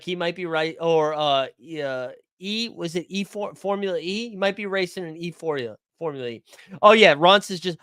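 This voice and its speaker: Guy hosting a sports stream, jokey and rambling, swears a lot, bright high voice. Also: no room sound, clean studio sound. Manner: joking, rambling, profane. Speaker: host of a fantasy sports live stream. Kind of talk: casual live-stream commentary.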